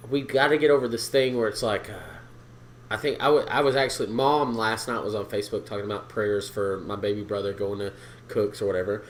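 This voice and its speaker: A man's voice: on the low side, brisk, slight background noise. A man co-hosting a podcast, chatting casually, swearing freely and acting out quoted people. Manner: animated, swears a lot, acts out quotes. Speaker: podcast co-host. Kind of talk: casual profane chat.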